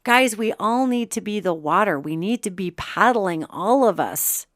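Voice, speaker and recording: A woman's voice: medium pitch, lively intonation, unhurried, a bit bright, no echo, studio quality. A middle-aged woman hosting a solo spiritual commentary podcast, talking to listeners in an impassioned, conversational way. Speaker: host.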